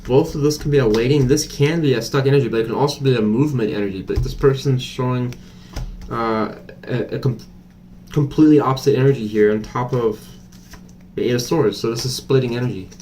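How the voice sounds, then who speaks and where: A man's voice: medium pitch, a little fast, mellow, slight background noise. A man doing a casual tarot reading to camera, chatty and blunt, thinking aloud with many fillers. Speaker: tarot reader.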